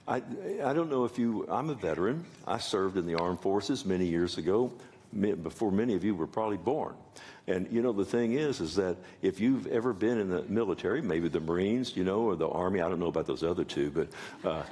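A man's voice: fairly low pitch, animated, fairly quick, darkish tone. Older preacher guy, folksy sermon, cracks jokes, asks the crowd lots of questions. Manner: folksy, joking asides, many rhetorical questions. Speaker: pastor.

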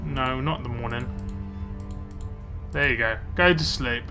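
A man's voice: medium pitch, measured pace, pushed and bright, soft background music. A young man casually commenting on his gameplay, muttering to himself as he plays. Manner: chatty, muttering to himself while playing. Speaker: let's play gamer.

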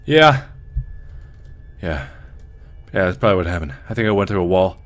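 A man giving live commentary on a horror game, talking to his viewers, swinging between frightened outbursts and hushed muttering. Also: deep voice, animated, normal speed. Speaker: gaming host.

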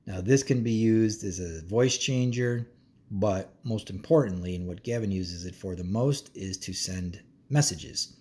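Reviewing a kid's smartwatch as a parent, a man speaks in a slightly slow, slightly mellow voice on the low side. His take is casual and meandering, scattered with ums and uhs.

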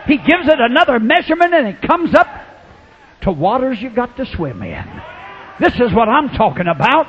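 A man preaching a revival sermon, swinging from loud hollering to hushed asides. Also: big pitch swings, normal speed. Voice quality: high-pitched, hollering. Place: revival tent or church with congregation. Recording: dull lo-fi recording with faint background noise.

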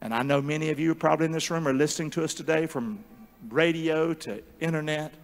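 A male pastor preaching a sermon with animated call-and-response and joking asides in a large church. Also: on the high side, fast talker. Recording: long church hall reverb.

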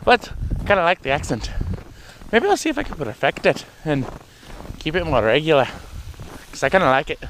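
A man vlogging casually outdoors on a farm, rambling and cursing with an on-and-off put-on accent, and coaxing animals in a high voice. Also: big pitch swings, moderate pace, pauses often, slight background noise. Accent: vague put-on accent that comes and goes. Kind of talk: casual vlog while doing farm chores.

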